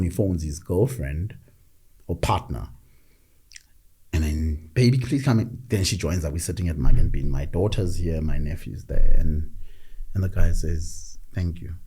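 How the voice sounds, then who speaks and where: A middle-aged man telling stories in a reflective conversation, measured and often repeating words as he gathers his thoughts. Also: low-pitched, mellow, slightly rough. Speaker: podcast guest.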